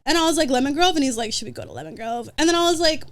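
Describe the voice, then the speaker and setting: A young adult woman, a podcast guest, telling dating stories in casual chat, animated and swearing freely. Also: sits high, very fast.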